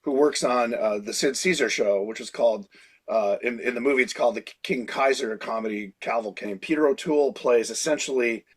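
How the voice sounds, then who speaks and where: A creature designer in his sixties, with a mid-range, slightly rough voice, tells lively anecdotes at a fairly quick clip during a casual interview. He keeps slipping into impressions of people.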